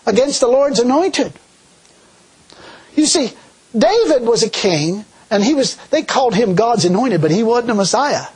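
A man preaching a sermon in a folksy, animated way, full of rhetorical questions. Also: extremely high pitch, normal speed, breathy edge.

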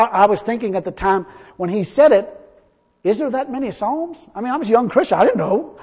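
A man preaching a sermon, telling stories in a chatty way and rising now and then into loud exclamations. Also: high voice, husky. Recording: dull lo-fi audio with long hall reverb.

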